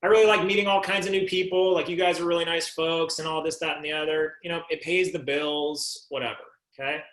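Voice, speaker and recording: A man's voice: a little high, little pitch movement, fairly quick, a bit bright, natural voice. A man voicing a friendly young male restaurant server who talks in an upbeat, casual way, saying "man" and "like". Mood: easygoing. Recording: echoey room.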